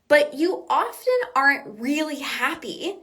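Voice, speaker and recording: A woman's voice: sits high, animated, measured pace, fairly bright tone. A woman hosting a coaching podcast, talking in an earnest, reassuring way that repeats key points. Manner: acts out quoted self-talk. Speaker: binge eating coach and podcast host. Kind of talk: motivational podcast talk.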